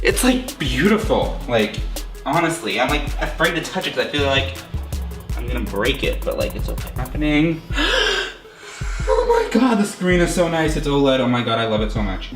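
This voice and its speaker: A man doing a casual unboxing vlog at home, gushing and excitable, often poking fun at himself. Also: medium pitch. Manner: gushing, excitable, self-mocking. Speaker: YouTuber unboxing a phone. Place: room at home. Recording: roomy echo with background music.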